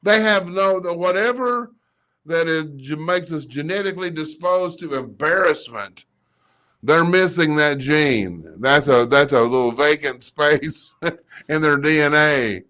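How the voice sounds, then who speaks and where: A man's voice: fairly high pitch, a little slow, bright, forceful tone. A man from Kentucky, co-hosting a live show in folksy, joking banter and laughing at his own jokes. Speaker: video producer and co-host.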